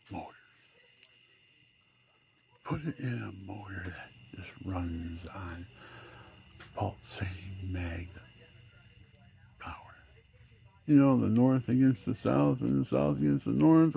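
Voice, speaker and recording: An older man in his seventies with a mellow, dark, gravelly voice. He rambles through a personal monologue, rising into loud outbursts and sinking to near-whispers. Faint crickets and insects chirp behind him. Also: on the low side, slight background noise. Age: 70s. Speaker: vlogger.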